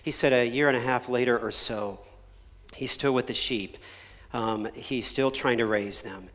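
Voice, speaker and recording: A man preaching a sermon as a pastor, earnest and measured, sinking to a soft near-whisper on key phrases. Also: medium pitch, long reverb tail. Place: church sanctuary.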